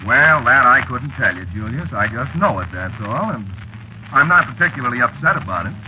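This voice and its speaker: A man's voice: mid-range voice, animated, a little fast, natural voice. An unbothered, faintly amused stranger who speaks of his own death with eerie ease, as a man acts him out. His voice rises and falls lightly. It is an old radio drama recording, dull and with faint hiss. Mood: calm. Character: calm doomed male stranger, eerily cheerful. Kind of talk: 1940s radio drama acting.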